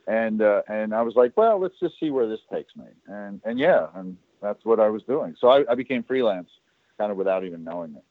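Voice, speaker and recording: A man in a casual chat tells stories from his working life and acts out each person's lines as he goes. His voice sits low. The sound is thin and phone-like, with no room echo at all. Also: fairly quick. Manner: animated storyteller who acts out other people's lines. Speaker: guest telling career stories. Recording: tinny phone-like line, dry.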